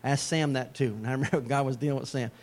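A man's voice: medium pitch, steady tone, rapid-fire, a little mellow. A middle-aged man preaching a sermon as a pastor, in a conversational way with joking asides.

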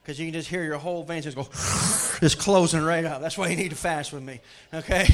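Man, pastor, high voice, lively sermon, teasing and hushed by turns. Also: a little fast. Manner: lively Southern preacher, jokes with the congregation, swings from loud to hushed. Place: church sanctuary.

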